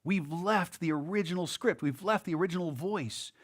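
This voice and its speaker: A man preaches a sermon in a loose, conversational way, voicing the people in his story as he goes. His voice sits a little high for a man, and he often restarts and repeats words. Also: moderate pace. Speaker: pastor.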